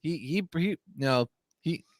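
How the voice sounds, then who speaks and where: A man's voice: a little high, animated, measured pace, dry recording. A man co-hosting a casual show, reading a list aloud and laughing often. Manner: reads out a list, laughing a lot. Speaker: co-host.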